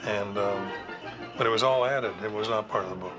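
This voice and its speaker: Man, interview, thoughtful, halting, lowish, music behind. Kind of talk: reflective interview.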